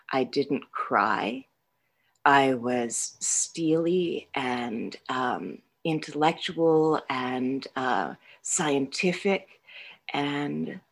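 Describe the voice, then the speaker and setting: A woman with a low voice talks through her own past in a candid, rambling way. She mocks herself and keeps breaking into laughter mid-sentence. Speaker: guest sharing a recovery story. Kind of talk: candid personal storytelling.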